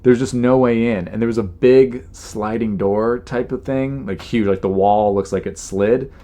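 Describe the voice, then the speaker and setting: A man's voice: mid-range voice, steady tone, normal speed, mellow. A man hosting his podcast, telling stories in a rambling casual monologue full of "you know" fillers and exasperated imitations of people. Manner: mimics people in exasperated quoted asides. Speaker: podcast host.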